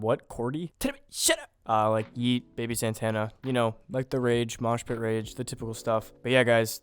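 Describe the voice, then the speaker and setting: A man's voice: medium pitch, smooth. A young man hosting a music production tutorial, talking casually and loosely with plenty of fillers. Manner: laid-back, loose, with frequent fillers like "you know, like".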